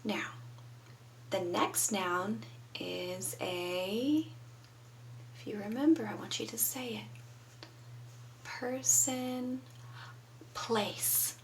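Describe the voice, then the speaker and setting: A woman's voice: medium pitch, extremely slow, gravelly, pauses often, far from the mic, slight background noise, rough recording. A woman teaching young children from home, patiently prompting them to answer. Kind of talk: children's lesson.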